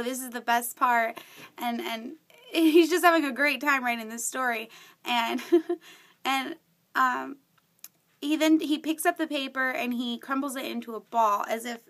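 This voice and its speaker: A young woman who works with youth, sharing a personal testimony in an earnest, halting way, with many fillers and restarts and frequent laughs. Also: fairly high pitch, bright, forceful tone. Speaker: youth worker.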